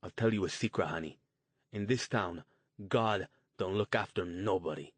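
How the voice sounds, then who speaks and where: Man doing a rough crude street tough. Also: low voice, moderate pace, no room sound. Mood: grim. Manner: blunt, crude, streetwise slang. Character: gruff hard-bitten male street outcast leader.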